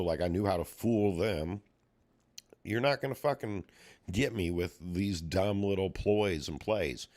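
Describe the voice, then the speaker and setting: A man streaming live, talking in a profane, heated rant with rising exasperation and mimicking other people in quotes. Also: lowish voice. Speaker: livestreamer and puzzle collector. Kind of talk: ranting livestream talk.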